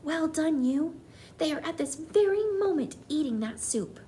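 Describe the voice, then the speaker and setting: A woman voicing a loving old grandmother, speaking in a low, soft whisper. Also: expressive, unhurried, a little hiss or hum. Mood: tender.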